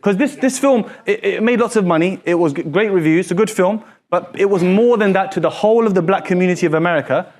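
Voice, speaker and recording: A high-voiced man teaches a classroom lesson, animatedly quizzing his students with quick, repeated questions.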